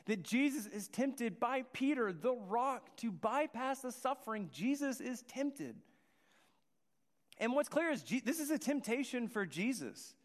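A man's voice: sits high, expressive, normal speed. A man preaching a sermon, earnest and restarting his phrases as he goes. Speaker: pastor. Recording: long hall reverb.

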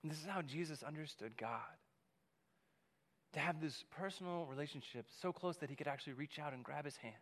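A male pastor delivering a sermon in a conversational way, repeating key phrases and pausing often. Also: on the high side, fairly bright tone. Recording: long reverb of a large hall.

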